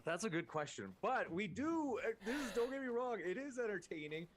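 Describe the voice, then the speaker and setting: A man's voice: high voice, big pitch swings, brisk, slight background noise. A man moderating, speaking hesitantly as he steers the talk to a new topic.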